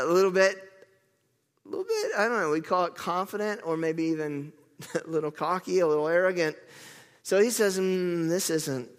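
A man delivers a lively sermon with a fairly high voice, telling the story in a playful, conversational way. He keeps turning to the crowd with questions. His voice rings out with a long reverb in a large hall. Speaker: preacher.

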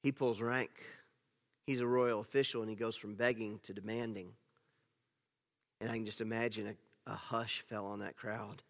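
A man preaching a sermon as pastor, telling the story with animated swings between loud emphasis and hushed asides. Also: on the low side, normal speed. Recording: long reverb of a large hall.

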